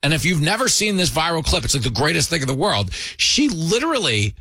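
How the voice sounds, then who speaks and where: A man's voice: on the high side, sing-song, a little fast, pushed and bright, slightly rough, no echo. A man hosting a show, delivering a sarcastic, mocking comedy monologue.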